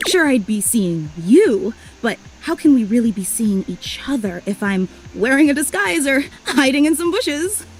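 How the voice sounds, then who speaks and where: High, swoopy, weepy game superfan gal, clingy and gushing. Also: female voice, sing-song, moderate pace, hardly any pauses, faint music behind, low-quality recording. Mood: adoring. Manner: gushing, tearful, breathless apologies. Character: overly emotional, clingy, obsessive female superfan. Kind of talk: video game voice acting.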